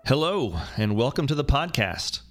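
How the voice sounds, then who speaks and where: A man's voice: mid-range voice, sing-song, moderate pace, over loud music. A man hosting a podcast in casual chat, rambling and joking with many fillers and restarts. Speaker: podcast host. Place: new studio with construction noise.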